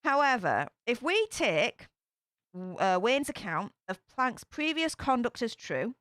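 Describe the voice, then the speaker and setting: A woman's voice: a little high, fairly bright tone, dry recording, studio quality. A woman hosting a casual true crime commentary, chatty and speculative, with filler-heavy asides. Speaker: true crime channel host.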